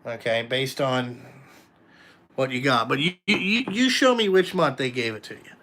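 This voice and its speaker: A man's voice: mid-range voice, expressive, moderate pace, pushed and bright, a little hiss or hum. A man talking bluntly and casually to viewers, swearing often and rambling between topics. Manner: blunt, profane, rambling, addresses viewers directly. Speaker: trucking company owner and vlogger. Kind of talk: casual live chat.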